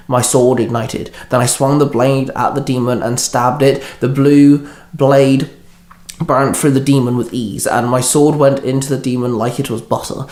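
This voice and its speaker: Male storyteller, first-person fanfic narration, mid pitch, echoey room. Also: darkish tone.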